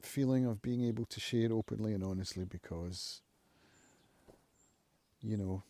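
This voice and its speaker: A man hosting his own live stream from home, thinking aloud in a reflective, musing way with frequent pauses. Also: fairly low pitch, dark tone. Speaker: channel host, recovering alcoholic. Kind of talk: casual live-stream monologue.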